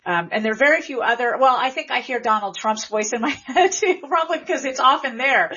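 Middle-aged woman, linguist guest, husky and muffled, enthusiastic explainer. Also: high voice, animated, fairly quick, pushed and bright. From American South. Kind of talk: interview answers, explanatory. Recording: dull lo-fi audio.

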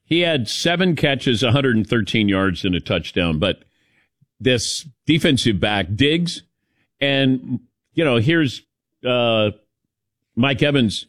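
A man hosting a sports talk show, animated and teasing as he calls on his crew by name. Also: mid-range voice, slow pace, no room sound, clean studio sound. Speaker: sports radio host.

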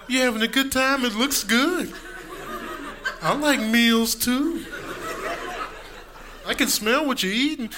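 A man doing a high whiny begging dog. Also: takes it slowly, long pauses, noisy background. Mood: pleading. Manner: wheedling, hopeful, whiny. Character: eager begging hungry pet dog.

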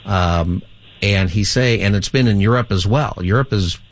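A man's voice: on the low side, normal speed. A man who hosts a radio call-in show as a pastor, explaining his views steadily to callers. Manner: steady, explanatory, reads out the phone number.

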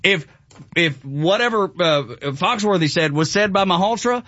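A man hosting morning radio talk, excitable and jokey, laughing often. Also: high voice, moderate pace, no echo, muffled recording. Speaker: radio host.

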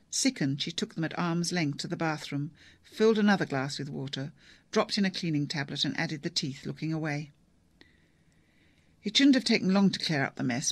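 Audiobook narrator, measured storytelling, gravelly, dry close recording. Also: mid-range voice, a bit bright, dry recording.

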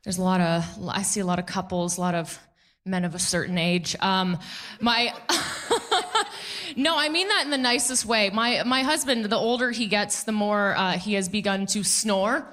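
A woman performing a stand-up comedy set before a live audience, quick and playful, mocking the people she quotes. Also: mid-range voice, fairly bright tone.

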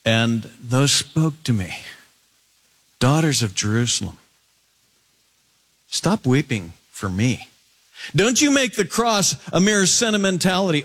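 A man preaching an expository sermon, animated, swinging from soaring high phrases down to low, emphatic tones. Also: normal speed. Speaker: pastor.

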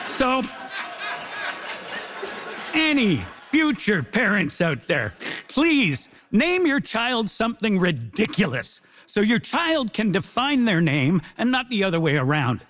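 A man arguing a comic case on a debate show, animated and jokey. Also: high voice, slow. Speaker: comedian debater. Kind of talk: stand-up style argument.

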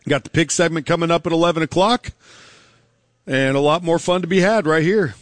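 A man hosting a live sports talk radio show, giving quick, opinionated game analysis. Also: on the high side, dry recording. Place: live remote broadcast at a car dealership.

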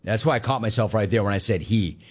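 A man's voice: fairly low pitch, fast. A man hosting a sports talk show, chatting casually and joking as he riffs on listener messages. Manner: animated, riffing and joking on viewer comments.

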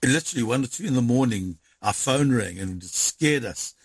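Husky man telling a story. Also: medium pitch, no echo. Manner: animated, re-enacts dialogue in quick bursts. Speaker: interviewee recounting events. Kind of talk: conversational storytelling.

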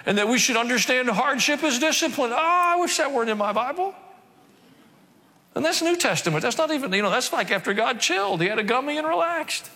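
A man's voice: very high-pitched, expressive, a little fast, pushed and bright. A male pastor preaching a sermon, dropping wry asides and acting out quoted voices. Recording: long reverb of a large hall.

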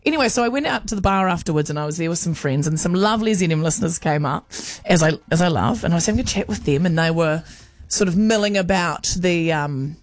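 A woman with a New Zealand accent, a radio host and touring comedian, telling animated stories in casual on-air chat. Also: on the low side, fast, hardly any pauses, no room sound. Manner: animated storytelling with chatty asides.

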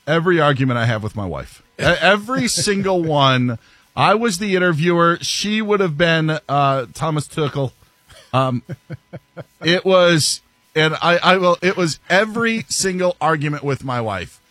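A man hosting a sports talk show who jumps up and down in pitch as he tells stories. He laughs often and pokes fun at himself. His voice sounds dry and close to the mic. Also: moderate pace, no echo, soft background music. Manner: animated, laughs often, self-mocking. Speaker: sports radio host. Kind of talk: casual talk show banter.

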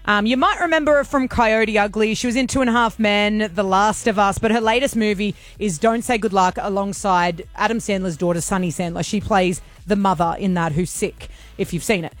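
A woman with an Australian accent co-hosting a radio show, chatty and teasing, quick to laugh. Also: medium pitch. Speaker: radio co-host. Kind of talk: casual radio banter.

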